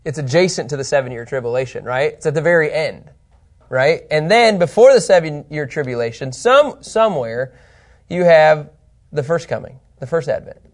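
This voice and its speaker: A man teaching an informal Bible lesson, animated and chatty, often checking in with his listeners and his co-host. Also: on the high side, moderate pace.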